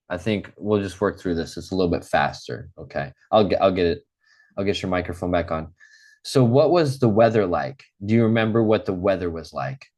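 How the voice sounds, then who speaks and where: A male English teacher with a very low voice leads an online class. He is patient and encouraging, and he says each word slowly and clearly so his students can repeat it. He sounds like a teacher used to drilling vocabulary.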